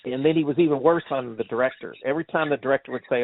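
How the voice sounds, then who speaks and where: Talking rapid-fire in a creaky, mid-range voice, this man co-hosts a casual movie review chat, rambling through stories, acting out quotes, and laughing often. The line is tinny and phone-like, dry, with a little hiss or hum.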